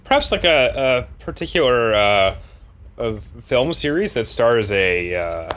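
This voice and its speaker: Bright-voiced joking male podcast host. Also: medium pitch, very animated, measured pace. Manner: joking, laughs often, trailing fillers. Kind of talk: casual chat about a novel.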